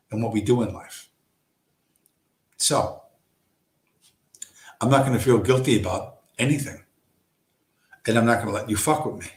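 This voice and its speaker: Guy ranting on his stream, swears a lot, blunt, kinda echoey room. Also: mid-range voice. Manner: profane, blunt, emphatic. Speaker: livestream host. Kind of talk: ranting monologue on a chill stream. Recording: roomy echo.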